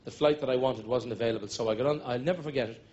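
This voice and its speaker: A man's voice: mid-range voice, rapid-fire, a little mellow. A man with a Dublin accent doing live stand-up, telling jokes as stories and breaking into snatches of song. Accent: Irish, Dublin. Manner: jokey storyteller, sings snatches of songs. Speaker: stand-up comedian. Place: stage before a live audience. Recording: dull live recording with music and audience.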